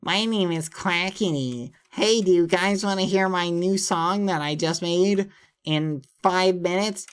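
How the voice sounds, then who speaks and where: A man's voice: high voice, a little slow, smooth. A man doing a teasing, sing-song impression of a bossy young male gamer friend. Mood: mocking.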